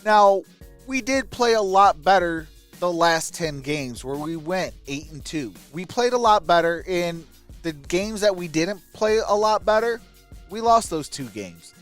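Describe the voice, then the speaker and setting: A man with a fairly high voice talks through the latest team signings as a casual fan host, chatty and enthusiastic, with asides and chuckles. Soft music plays faintly underneath. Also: animated, unhurried. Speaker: sports fan channel host. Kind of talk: casual sports commentary.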